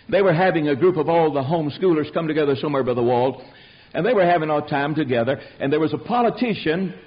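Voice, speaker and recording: A man's voice: fairly high pitch, muffled recording. A man preaching a fiery sermon, emphatic and rhetorical, calling out questions to his congregation.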